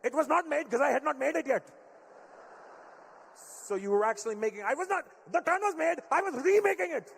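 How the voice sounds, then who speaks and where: A man voicing an exasperated older Indian immigrant father with an Indian accent, stubborn and shouting back. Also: extremely high pitch, lively intonation, fairly quick, gravelly, a little hiss or hum, voice pushed up, heavily acted. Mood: indignant. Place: live comedy venue. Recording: long venue reverb.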